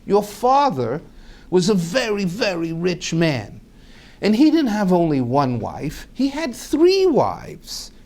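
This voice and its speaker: Cautious community elders , voiced by a male storyteller, ease into hard news with slow, tactful phrasing. Their voices sit slightly raised and soothing, careful not to provoke. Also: high-pitched, huge pitch swings, darkish tone, voice pushed up, exaggerated voice.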